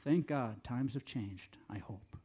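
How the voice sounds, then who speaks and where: A man's voice: medium pitch, takes it slowly, over loud music. An older man from the northern United States, a singer-songwriter, telling rambling, self-deprecating stories between songs at a live café show.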